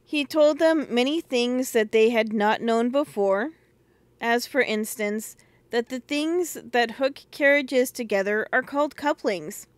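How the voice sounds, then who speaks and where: Slow, gentle woman reading a children's classic. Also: a little high, no echo. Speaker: narrator. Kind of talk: audiobook narration.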